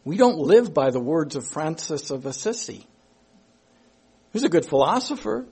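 A man preaching a sermon, slow and emphatic, repeating his key phrases as he works through a Bible verse. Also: on the high side, sing-song, a little mellow, husky.

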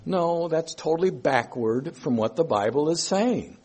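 Male preacher, husky, unhurried sermon delivery with emphatic repetition. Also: on the high side, expressive, darkish tone. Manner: slow, emphatic, repeats key phrases.

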